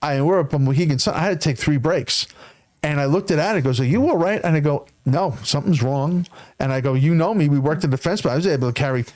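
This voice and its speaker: A middle-aged male comedian telling stories in casual studio talk, rambling and halting with many restarts. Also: a little high, darkish tone. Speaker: comedian guest. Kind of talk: casual storytelling.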